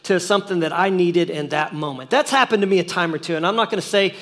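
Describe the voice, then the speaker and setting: A man's voice: high-pitched, fast, a bit bright. A middle-aged man, a pastor, preaching a sermon in a church in a folksy, conversational way with humorous asides. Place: church sanctuary.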